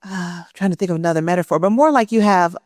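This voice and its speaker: Thoughtful low-voiced woman professor. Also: fast talker, darkish tone, no room sound, clean studio sound. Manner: thoughtful, searching for words. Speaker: writing professor, conversation partner. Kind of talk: onstage public conversation. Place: indoor event stage.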